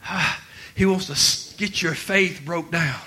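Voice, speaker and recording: A man preaching a sermon, dropping to quiet talk and then rising to shouts with laughter. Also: fairly high pitch, measured pace. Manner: swings from quiet to shouting, laughing through lines.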